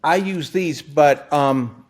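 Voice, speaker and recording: A man from Florida, a physician, telling his lottery story as an interview guest in an excitable, stammering way, often laughing. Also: fairly high pitch, slow pace.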